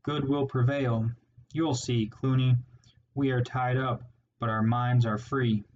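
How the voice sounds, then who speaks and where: A man's voice: mid-range voice, steady tone, takes it slowly, muffled recording, a little hiss or hum, close to an everyday voice. A man doing a defiant vole mother. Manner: shouting with defiance.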